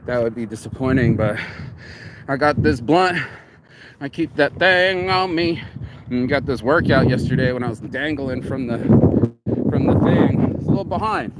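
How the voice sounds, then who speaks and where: A man's voice: mid-range voice, moderate pace, heavy background noise. Rambling, swearing man outdoors. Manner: rambling, animated, swears freely. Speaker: vlogger. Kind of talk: casual motivational monologue. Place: outdoors in a yard.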